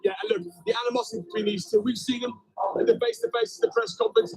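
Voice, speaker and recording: A man commentating live at a boxing event, building up the fights with energetic hype. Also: very high-pitched, racing, vocal fry, rough recording.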